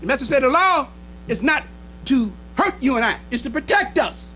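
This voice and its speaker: A minister preaching a sermon in an emphatic style, with short repeated phrases and speech. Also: male voice, very high voice, big pitch swings, normal speed, pushed and bright, slight background noise, rough recording. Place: temple hall.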